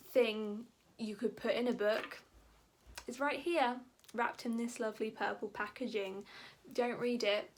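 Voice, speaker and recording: A woman book vlogger giving a casual, ranting review. She talks in an animated, exasperated way, with lots of "like". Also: mid-range voice. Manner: animated and exasperated, heavy use of "like".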